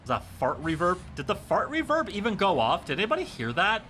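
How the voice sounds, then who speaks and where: A man's voice: sits high, wildly swooping pitch, brisk, sharp tone, slight background noise. A man streaming a game, chatting casually with his viewers in a rambling, joking way full of fillers. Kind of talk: casual chat with live chat while playing a game.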